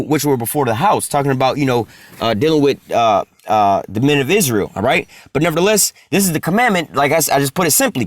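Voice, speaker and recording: A man preaching a profane street sermon, tacking "man" onto his phrases and slowing down to read scripture. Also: fairly high pitch, expressive, no room sound, clean studio sound. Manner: heavy cursing slang, ends phrases with "man"; reads scripture slowly, stalls on filler sounds.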